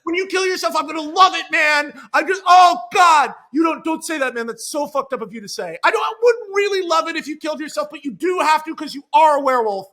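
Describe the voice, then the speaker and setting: A man voicing a resentful young male best friend who yells sarcastic accusations. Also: very high voice, expressive, fast, few pauses, full character voice. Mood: bitter yelling.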